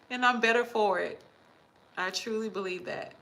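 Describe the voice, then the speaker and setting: A woman's voice: a little high, gravelly, fairly bright tone, a little hiss or hum, rough recording. A woman in her fifties talking heartfelt and emotional in a casual livestream, reading viewer comments aloud. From Texas. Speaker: vlogger.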